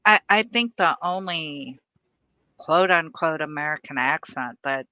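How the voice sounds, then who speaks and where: A woman's voice: low-pitched, bright, forceful tone, smooth, no room sound, poor audio. A woman co-hosting a casual live-stream, speaking hesitantly with dry humor. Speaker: stream co-host.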